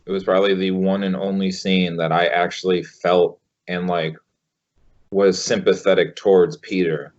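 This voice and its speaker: Low-voiced halting man, lo-fi podcast. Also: little pitch movement, darkish tone. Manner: halting, filler-heavy, profane. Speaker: podcast co-host. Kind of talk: casual chat. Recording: dull lo-fi podcast audio.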